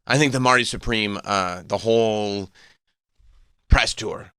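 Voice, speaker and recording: Bright, dry-voiced male radio host. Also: fairly low pitch, smooth, no room sound. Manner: opinionated, rambling, quick to riff. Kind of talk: casual talk-radio chat.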